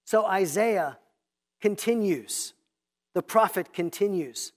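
Deliberate preacher teaching through scripture. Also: medium pitch, expressive. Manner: reads scripture slowly and deliberately, then explains; teacherly, points out repeated themes. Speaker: pastor. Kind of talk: expository sermon.

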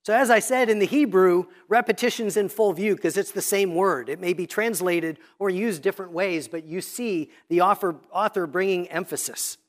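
Guy with a high voice teaching from the pulpit, walks people through a bible passage step by step. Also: moderate pace, hardly any pauses. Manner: instructive, walking listeners step by step through a text. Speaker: preacher. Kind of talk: sermon teaching Bible study method. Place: church sanctuary.

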